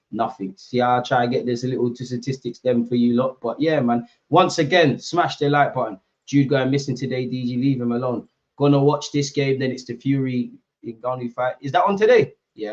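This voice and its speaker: A young man chats to his stream audience in loose, slangy banter while reacting to a football match. His delivery is animated and conversational. The audio is slightly dull, like a home livestream setup. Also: medium pitch. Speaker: football watchalong host. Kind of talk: casual chat to live viewers.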